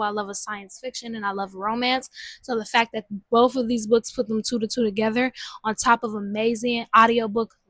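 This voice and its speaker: A young woman giving casual, chatty book recommendations at home, with lively slang. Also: on the high side, no room sound. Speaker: book vlogger. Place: home room with a TV.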